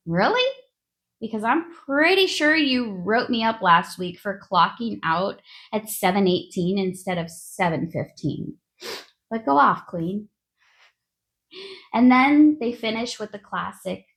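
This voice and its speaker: A woman's voice: mid-range voice, lively intonation, a little slow, a bit bright. A woman hosting a nurses' podcast, giving a sarcastic, exasperated comedic monologue.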